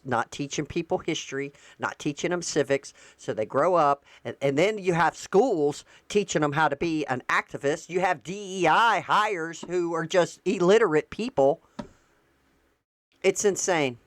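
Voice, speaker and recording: A woman's voice: sits low, no room sound. Heated woman ranting in a dry close voice. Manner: heated, indignant, repeats herself for emphasis. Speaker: commentary vlogger. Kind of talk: political commentary, reading excerpts aloud and reacting.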